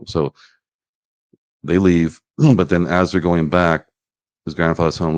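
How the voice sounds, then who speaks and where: A man's voice: a bass voice, level tone, fairly quick, a little mellow, no room sound. A man casually retelling a story as a podcast host, rambling with many fillers and restarts.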